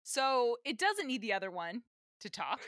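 A woman co-hosting a casual rewatch podcast, animated and exasperated, swearing casually as she chats. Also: a little high, moderate pace, no echo, studio quality. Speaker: podcast co-host.

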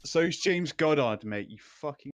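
A man's voice: on the high side, lively intonation, normal speed, slight background noise. A man from Britain, trading crude, profane banter as a stream co-host, tagging lines with "mate".

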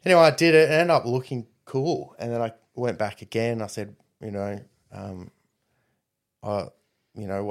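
A man's voice: on the low side, fairly even intonation, moderate pace. Male guest; casual, rambling storyteller who perks up when quoting.

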